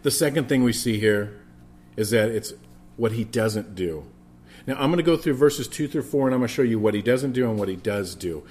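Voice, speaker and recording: A man preaching a sermon as pastor, moving between a projected voice and quiet, near-whispered passages. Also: medium pitch, expressive, a little fast.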